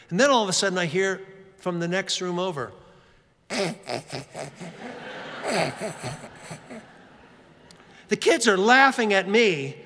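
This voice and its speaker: A man preaching a sermon, telling self-mocking stories with lots of fillers, in a church hall. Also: high voice. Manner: animated, self-mocking anecdotes with many fillers. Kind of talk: storytelling sermon. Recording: long reverb of a large hall.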